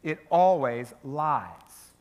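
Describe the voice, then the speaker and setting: Male pastor, fairly high voice, animated conversational sermon delivery, frequent "right?" check-ins. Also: extremely slow, lo-fi sound. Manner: storytelling, animated, asks the crowd "right?". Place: church sanctuary.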